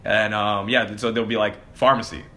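A man's voice: on the low side, animated, normal speed, a bit bright. A man hosting a podcast in casual conversation, opinionated and reflective, with fillers.

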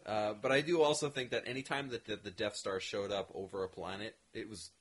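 A man's voice: fairly low pitch, a little fast, breathy edge. A man chatting casually as a podcast co-host, hesitant with many restarts, acting out lines he quotes. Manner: hesitant, many fillers and restarts, lively quoting. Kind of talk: casual chat.

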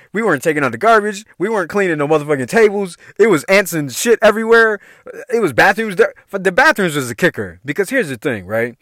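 On the high side and a bit bright, this man's voice carries a casual, comedic monologue about a funny personal experience. He's an adult parent who speaks with lots of slang and profanity and laughs often. The recording is dry and clean, studio quality.

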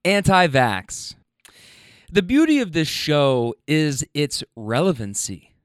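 A man's voice: fairly high pitch, sing-song, slow, clean tone, dry recording, clean studio sound. A man hosting a show, chatting loosely about clips he plays and laughing often between his rambling asides. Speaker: host reacting to clips. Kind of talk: casual commentary.

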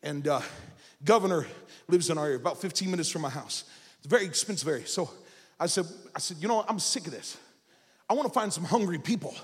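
A man pastor preaching a sermon, building from casual storytelling into shouted and sung phrases. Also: on the high side, expressive, fast, in a large hall. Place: church sanctuary.

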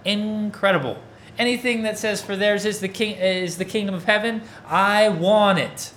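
A man's voice: high voice, moderate pace, a bit bright, slight background noise. A man preaching a sermon in a casual, conversational way, often checking that his listeners follow along. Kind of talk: interactive sermon.

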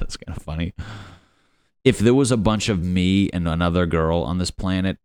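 A man's voice: low voice, no echo, studio quality. A young man hosting a casual solo podcast, rambling and swearing, laughing at his own jokes. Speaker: podcast host.

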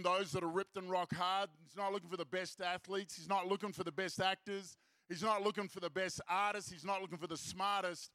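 An Australian man with a high, bright, forceful voice leads a lively faith seminar from a festival stage. He is jokey and rousing, drawing the crowd into call-and-response and repeating his key lines for effect. The sound is dry and close, with hardly any room echo. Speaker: seminar speaker. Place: festival stage before an audience.

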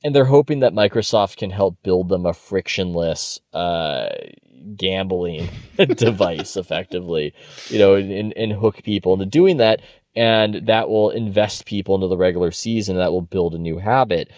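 A low-pitched young man speaks as a guest on a podcast, in a close, dry sound. He thinks aloud with restarts and frequent laughs. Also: a little mellow, no room sound. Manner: thoughtful, halting, laughs often. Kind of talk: casual podcast chat.

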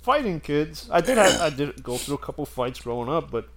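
A man's voice: a little high, sing-song, a little fast, a crowd in the background. A man telling a story in casual chat, rambling and laughing as he goes.

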